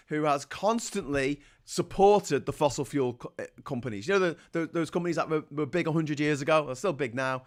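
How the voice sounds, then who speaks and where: Sarcastic ranting man. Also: on the high side. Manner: angry, sarcastic, blunt. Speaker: political commentary host. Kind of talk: ranting political commentary.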